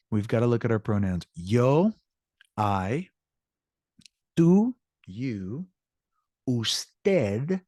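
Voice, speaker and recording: Older male teacher, low-ish voice, chatty explainer, dry sound. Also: darkish tone, no room sound. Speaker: Spanish teacher. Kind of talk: classroom lesson.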